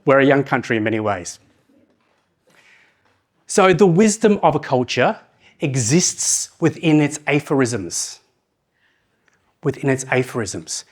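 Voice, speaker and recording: Lively New man giving a keynote. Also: fairly high pitch. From New Zealand. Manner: lively, asks the audience questions, slows down to read proverbs. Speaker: conference speaker. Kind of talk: keynote talk to an audience.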